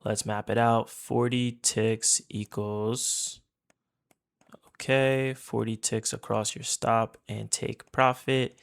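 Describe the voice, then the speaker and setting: Man, trading instructor, gravelly voice, chatty, repeats himself, casual tutorial. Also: medium pitch. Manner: chatty, repeats points, keeps addressing viewers as guys. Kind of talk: casual screen-share tutorial.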